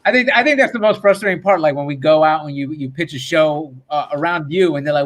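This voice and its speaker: A man with a fairly high voice hosts a casual podcast. He probes his guests with follow-up questions about their plans. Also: quick pace, fairly bright tone. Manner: asks probing follow-up questions. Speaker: podcast host.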